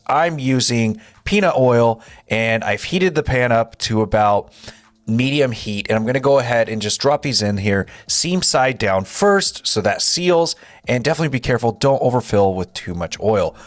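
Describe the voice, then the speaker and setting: A young man hosting a home cooking video, walking through each step in a relaxed, chatty way. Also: mid-range voice, no echo. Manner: relaxed, step-by-step instructions with frequent "gonna go ahead". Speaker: home cook and channel host. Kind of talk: casual cooking walkthrough. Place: home kitchen.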